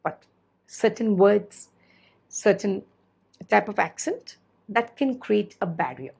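A woman's voice: medium pitch, gravelly, a little mellow, husky, rough recording. A woman teacher giving a classroom lecture. She repeats her points, asks rhetorical questions and corrects herself as she goes.

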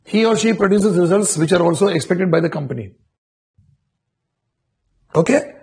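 A man's voice: high-pitched, normal speed, darkish tone. A male corporate trainer, giving a training lecture full of rhetorical questions and restarts.

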